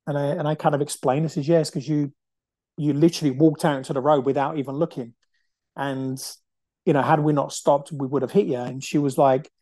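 A man's voice: on the high side, fairly even intonation, fairly quick, darkish tone, dry recording. A man hosting a podcast, telling a personal story in a rambling way and acting out what people said. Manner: rambling, full of fillers and acted-out quotes. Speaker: podcast host. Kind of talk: casual storytelling monologue.

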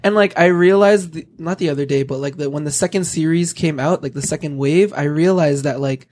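A man co-hosting a casual sneaker podcast, chatty and quick to laugh, with many fillers. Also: fairly high pitch, darkish tone. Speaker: podcast co-host.

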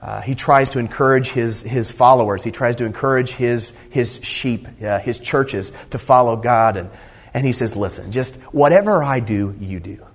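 A man's voice: medium pitch, moderate pace, slightly rough. A middle-aged man from Indiana preaching a sermon in a conversational, earnest way, often restarting his sentences. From Indiana, USA. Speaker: pastor.

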